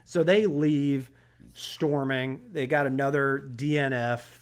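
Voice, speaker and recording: A man's voice: mid-range voice, slow. A man co-hosting a podcast, telling a story in casual chat with lots of laughter. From Georgia, US. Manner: animated storytelling, laughs often. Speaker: podcast co-host.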